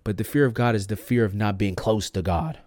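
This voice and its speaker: Young male podcast host, low-pitched, dry close sound, slangy, shifts from hushed to fired up. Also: fairly quick, no room sound. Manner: slangy and emphatic, says "bro" and "like" a lot; swings from hushed to loud and excited. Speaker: podcast host sharing his testimony. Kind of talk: casual personal testimony.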